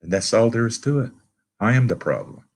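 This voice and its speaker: Fairly quick and sing-song, the lowish, slightly rough voice belongs to a middle-aged Canadian man with a Canadian accent telling recovery stories as a meeting guest. His casual storytelling is earnest and folksy, and he quotes people loudly.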